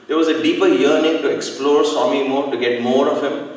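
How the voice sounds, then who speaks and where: A man gives a reflective devotional talk, speaking earnestly with slow pauses. His voice reaches the mic from a distance and rings through a large hall with a long, heavy echo. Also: medium pitch. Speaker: satsang speaker. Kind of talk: devotional talk with personal story.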